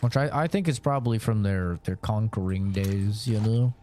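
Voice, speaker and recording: A man's voice: lowish voice, normal speed, dark tone. A man streaming a game, chatting casually in a rambling, joking way with lots of fillers. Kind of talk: casual chat while gaming.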